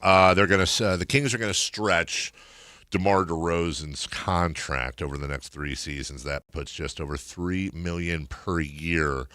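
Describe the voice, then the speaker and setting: Chatty american radio guy, low voice, bright tone, dry studio mic, lots of uhs. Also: steady tone, measured pace, no echo. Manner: chatty, rambling with many fillers. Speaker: sports radio host. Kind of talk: casual sports radio banter. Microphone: studio microphone.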